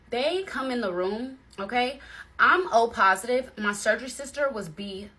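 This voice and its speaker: A young adult woman telling a personal story to viewers in a chatty, animated way. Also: a little high, moderate pace. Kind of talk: casual storytime chat. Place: bedroom.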